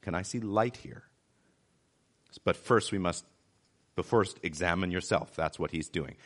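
A man's voice: deep voice, unhurried. A man giving a conversational sermon as a church pastor, driving his points home by repeating them. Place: city church.

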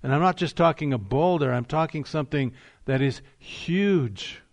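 A man's voice: on the high side, gravelly. Man preaching an emphatic sermon. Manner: emphatic preaching, rising on key phrases, slowing for weight. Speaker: pastor.

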